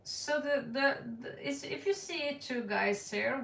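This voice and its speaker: A woman's voice: sits high, big pitch swings, slow pace, gravelly, fairly bright tone. A woman giving a casual tarot reading to camera, blunt and playful, laughing and repeating words for effect. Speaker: tarot card reader. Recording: echoey room, voice distant from the mic.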